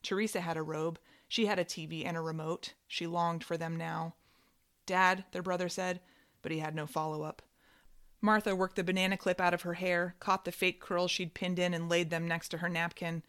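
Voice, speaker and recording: Woman narrator with a somewhat low voice, wry and measured, reading literary fiction. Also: flat delivery, fairly bright tone.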